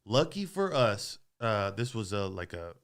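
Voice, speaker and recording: Podcast host, man, low and smooth voice, casual and foul-mouthed storyteller. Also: unhurried. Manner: profane, animated storyteller.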